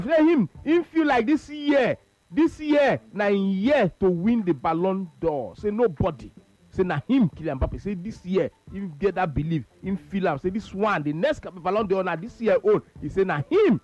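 A man's voice: sits high, sing-song, moderate pace, soft background music. A male radio sports show host with a Nigerian Pidgin accent, repeating his points emphatically. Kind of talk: casual radio sports talk.

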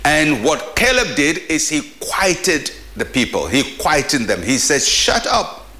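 Animated, bright-voiced male pastor. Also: on the high side, slow pace. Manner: emphatic preaching with animated rises. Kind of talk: daily devotional sermon.

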